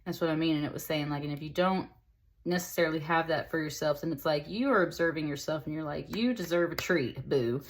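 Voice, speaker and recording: A woman's voice: deep voice, fairly even intonation, quick pace. A woman giving a casual tarot reading to camera, chatty and upbeat, speaking straight to her viewers with fillers and endearments. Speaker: tarot reader.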